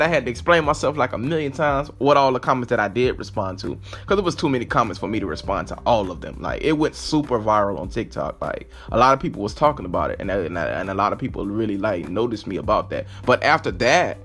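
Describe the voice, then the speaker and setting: A man's voice: mid-range voice, animated, fast talker, a bit bright, faint music behind. A man hosting his own podcast, talking through motivational advice in an earnest, rambling way, often restarting and saying "like". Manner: earnest, repetitive, heavy use of "like". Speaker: podcast host. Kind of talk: casual motivational monologue. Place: own apartment.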